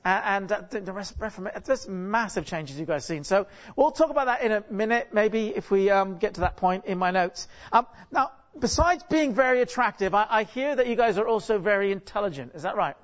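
A high-pitched, expressive man gives a chatty, jokey sermon as a guest preacher, speaking fairly quickly with hardly any pauses. He repeatedly asks the congregation rhetorical questions from the church stage and often restarts sentences or repeats words. Sound quality is dull lo-fi.

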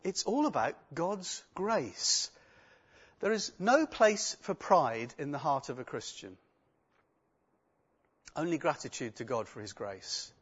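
A man delivering a sermon in a fairly high voice, moving between scripture reading and earnest storytelling. The recording sounds dull and lo-fi. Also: big pitch swings, takes it slowly, long pauses, slightly rough. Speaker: preacher.

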